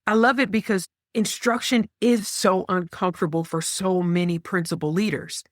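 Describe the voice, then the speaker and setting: A woman's voice: medium pitch, fairly even intonation, normal speed, no echo, clean studio sound. A woman co-hosting an interview, responding in an engaged, explanatory way. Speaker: co-host. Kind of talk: interview conversation.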